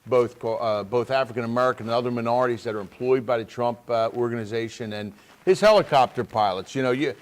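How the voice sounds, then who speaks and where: A man's voice: medium pitch, quick pace, hardly any pauses. A man from Pennsylvania, a state representative, talking casually on a talk show in an earnest way, with many restarts.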